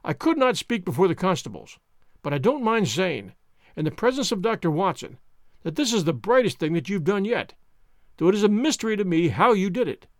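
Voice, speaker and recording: A man doing a gruff, impatient police inspector. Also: sits high, sing-song, fairly quick, no echo, studio quality. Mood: grateful. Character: blunt, irritable male police inspector. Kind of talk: audiobook character voice.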